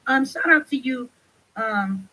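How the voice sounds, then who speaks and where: Woman on her livestream going off, loud and passionate, sharp bright voice. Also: on the high side, takes it slowly, poor audio. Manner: loud, passionate, profane ranting. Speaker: livestream host. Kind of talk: livestream commentary.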